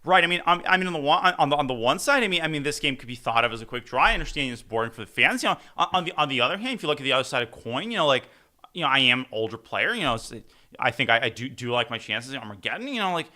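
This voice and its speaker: A man doing an impression of a rambling star chess player, halting and full of fillers. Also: mid-range voice, lively intonation, sharp tone. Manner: halting, filler-heavy, repeats itself.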